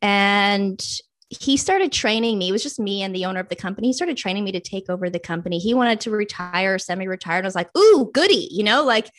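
A woman's voice: mid-range voice, quick pace, a bit bright. A young adult woman, a guest in a casual interview, telling her own story and acting out past thoughts and friends' lines.

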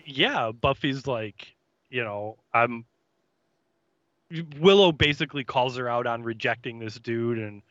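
A man's voice: mid-range voice, unhurried, fairly bright tone, no room sound, muffled recording. A man co-hosting a podcast, recapping an episode in casual, hesitant chat with many fillers. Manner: chatty, hesitant, many fillers and voiced quotes. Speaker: podcast co-host.

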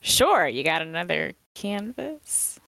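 Lively, playful woman player. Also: on the low side, takes it slowly, gravelly, no echo. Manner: playful, giggly. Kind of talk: playing a character in a tabletop game.

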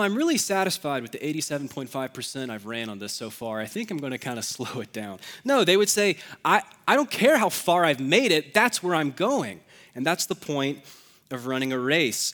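A man's voice: medium pitch, fairly bright tone. A young adult man preaching a sermon as pastor, conversational and self-deprecating, with casual asides.

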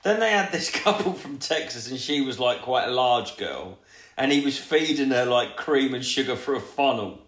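A man's voice: mid-range voice, animated, normal speed, fairly bright tone, roomy sound. A man telling a crude, rambling story in casual podcast chat. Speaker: podcast co-host.

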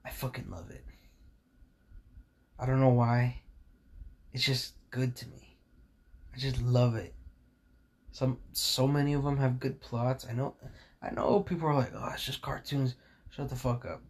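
A man's voice: mid-range voice, fairly even intonation, unhurried, pauses often, a little mellow. A young man hosting a casual podcast, talking in a blunt, rambling and profane way, full of fillers, with a sore voice. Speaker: podcast host.

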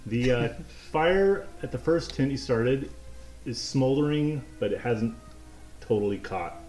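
A man narrating as game master for a tabletop game, in a chatty, halting way with fillers and restarts. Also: medium pitch, animated, darkish tone, faint music behind. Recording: roomy room.

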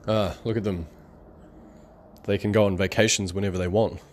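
A wistful, overworked tycoon, as a man puts him on, sighing over other people's free time. The voice is low and plain, with tired little sighs between thoughts. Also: fairly even intonation, normal speed, a little hiss or hum, lightly acted. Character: weary ultra-rich businessman wishing for free time.

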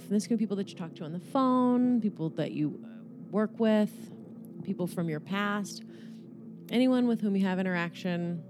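A woman with a fairly low voice leads a guided meditation in a loose, joking manner, swearing now and then. Faint music plays softly behind her. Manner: casual, joking, swears freely.

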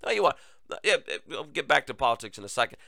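Sarcastic gravelly-voiced talk radio host. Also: male voice, medium pitch, very animated, fast, pushed and bright, dry recording. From United States. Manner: sarcastic, mocking, conversational asides to "folks". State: recurring cough. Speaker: political talk show host. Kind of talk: solo opinion commentary.

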